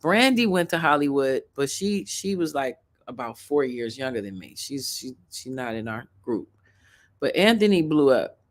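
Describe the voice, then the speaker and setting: A woman's voice: very deep voice, big pitch swings, normal speed. A woman from Chicago with a suburban Chicago accent, hosting a rambling, chatty reaction video and talking straight to her viewers. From Chicago, USA. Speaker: host. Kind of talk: casual reaction commentary.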